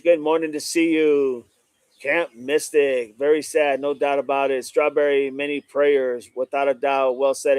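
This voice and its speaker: A man's voice: fairly high pitch, darkish tone, smooth, no echo. A man hosting a casual live stream, reading out viewer comments and greeting chatters by name, often saying "no doubt about it.". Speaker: livestream host reading chat. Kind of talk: casual livestream chat.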